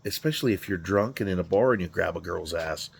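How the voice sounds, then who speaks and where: A man's voice: sits low, fast, gravelly, breathy edge. A tired middle-aged man talking in a casual, rambling monologue, swearing freely and joking at his own expense. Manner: profane, rambling, self-deprecating. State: tired, yawning. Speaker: garage channel host.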